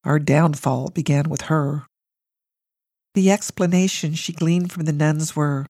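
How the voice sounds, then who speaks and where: A woman narrating a family memoir in a wry, measured storytelling manner. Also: sits low, steady tone, mellow, no echo, studio quality.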